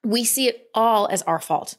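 A woman coaching a client in a calm talk, often slipping into quoted inner voices. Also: on the high side, moderate pace. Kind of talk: coaching session.

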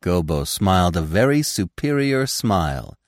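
Slow, expressive low-voiced male narrator. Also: no room sound, clean studio sound. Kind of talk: scripted audiobook narration.

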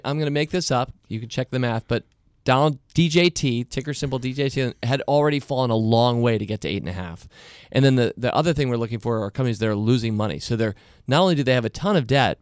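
Male podcast guest, mid-pitched voice, dry close sound, expansive talker. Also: no room sound. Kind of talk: conversational interview.

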